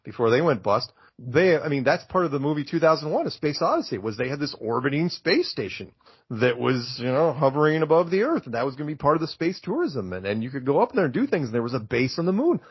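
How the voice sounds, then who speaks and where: A man talks in an emphatic, excitable rush, with a slightly husky, breathy edge to a voice a little higher than most men's. The sound is dull and lo-fi, and close and dry with no room around it. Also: quick pace, dry recording. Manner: excitable, emphatic, gets worked up. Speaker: podcast guest. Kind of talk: animated conversational rant.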